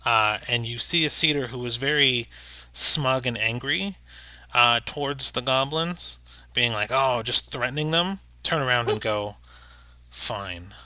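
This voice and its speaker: Game master, man, slow and bright-voiced, pausing with ums. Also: mid-range voice, no room sound. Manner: unhurried, with ums. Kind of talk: running a tabletop game.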